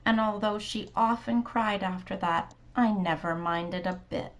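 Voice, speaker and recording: A woman reading a children's storybook aloud in a soft, gentle, sometimes whispery manner. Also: medium pitch, unhurried.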